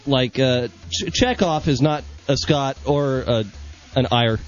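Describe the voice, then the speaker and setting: A man's voice: mid-range voice, slow. A man co-hosting a casual podcast, goofing around and trying out silly accents. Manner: goofy, trying out comic accents. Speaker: podcast co-host. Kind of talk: casual chat. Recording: dull lo-fi audio with faint music.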